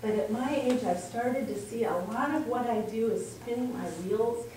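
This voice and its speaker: A woman with a fairly high, warm voice speaks at a moderate pace. She is a minister offering a reflective talk to her congregation, earnestly telling stories. The recording sounds distant and echoey, with faint noise.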